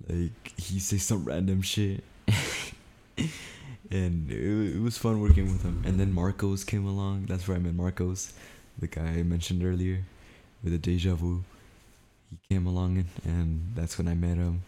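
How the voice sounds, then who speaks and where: A young man co-hosting a podcast, telling a work story in animated casual chat, swearing freely. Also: low-pitched, normal speed. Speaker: podcast co-host.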